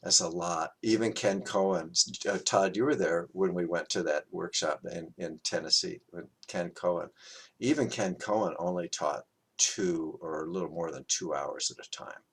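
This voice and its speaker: A man teaching a qigong class, talking in a reflective, halting way with many fillers and restarts. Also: low voice, breathy edge. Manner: gentle, chuckles at his own quotes.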